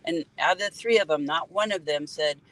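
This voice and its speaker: Sitting in a car pulled over by the road, a grieving mother in middle age, also an EMT, gives an emotional firsthand account, earnestly going over details and indicating locations. She talks briskly in a deep, fairly bright voice. The recording quality is low.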